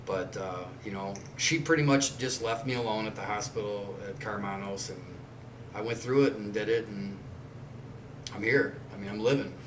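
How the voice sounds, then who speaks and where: Here a fortysomething man hosts a podcast at normal speed in a fairly low voice. His casual chat is blunt, loose, rambling and laced with swearing. Background noise accompanies a roomy, distant sound with faint ambience.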